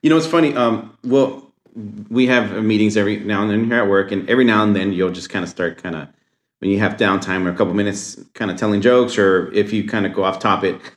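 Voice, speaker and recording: A man's voice: on the low side, brisk, echoey room. A man chatting casually on a podcast, rambling and agreeable with lots of fillers. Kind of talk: casual chat.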